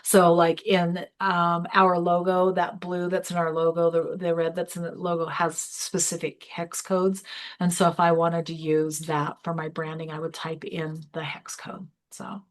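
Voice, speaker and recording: A woman's voice: fairly low pitch, little pitch movement, measured pace. A woman instructor giving a live online tutorial, chatty and explaining step by step as she clicks through an app. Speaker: small business workshop instructor.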